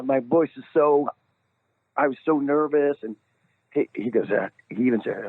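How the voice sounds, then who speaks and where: An older man, a singer calling in as a guest, telling a story in an animated way, laughing often and jumping up high when he quotes himself. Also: a little fast, dry recording. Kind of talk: casual phone interview storytelling. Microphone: phone call. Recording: tinny phone line, dry.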